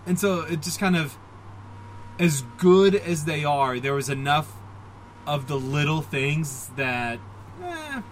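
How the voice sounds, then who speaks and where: On a casual comic book podcast, a male co-host with a slightly high, sing-song voice talks slowly, rambling and poking fun at himself. He puts on mock voices and fills his talk with fillers and restarts. The audio is poor, with slight background noise.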